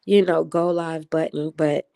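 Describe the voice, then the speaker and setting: Animated, excited-sounding woman livestreaming. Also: deep voice, unhurried, vocal fry. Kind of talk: casual live chat, reading viewer comments.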